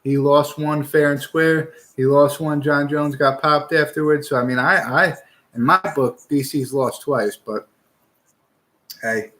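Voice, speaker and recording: A man's voice: a little high, fairly even intonation, a little slow, fairly bright tone. A young man hosting a casual fight-picks show, talking in a blunt, opinionated and profane way. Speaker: podcast host giving fight picks.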